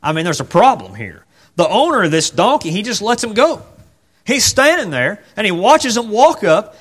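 A man's voice: sits high, sing-song, normal speed, a bit bright, husky. A man preaching a sermon in a church, conversational and full of rhetorical questions, acting out the voices of the people in the story.

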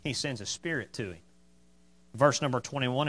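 A man's voice: mid-range voice, normal speed, long pauses, a bit bright. A man pastor preaching a sermon emphatically, repeating his points for stress.

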